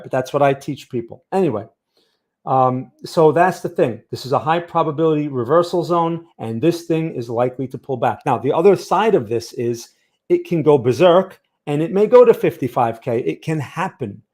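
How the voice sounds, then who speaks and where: A man's voice: medium pitch, a little mellow. A man teaching a casual live chart lesson as a stream host, conversational and often checking in with his viewers. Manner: conversational, keeps checking in with "okay?" and "right?". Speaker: trading educator and livestream host.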